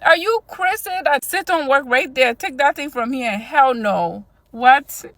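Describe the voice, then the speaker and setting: A woman's voice: sits high, expressive, measured pace, a bit bright, dry recording. A woman from Liberia delivering a heated, profane casual rant full of rhetorical questions. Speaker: social media commentator.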